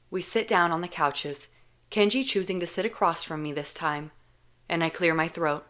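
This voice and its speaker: A woman reading a novel aloud in a calm, measured first-person narration. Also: on the low side. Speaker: audiobook reader.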